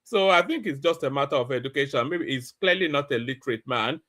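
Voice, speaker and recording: A man's voice: medium pitch, animated, fast talker, fairly bright tone. A middle-aged man hosting a reaction commentary, incredulous and stumbling over repeated words. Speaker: commentary host.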